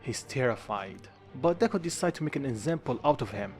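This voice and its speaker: Guy reading out a fan story, mid-pitch voice, faint music behind. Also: lively intonation, a little fast. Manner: reads all lines himself, quotes only lightly acted; non-native grammar slips. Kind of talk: dramatic fan-fiction narration.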